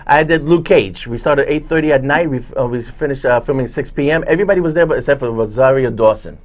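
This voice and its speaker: A man's voice: medium pitch, fast talker. A man, hosting a casual talk show and telling rambling stories full of fillers and restarts. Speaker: show host, background actor. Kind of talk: casual chat, storytelling.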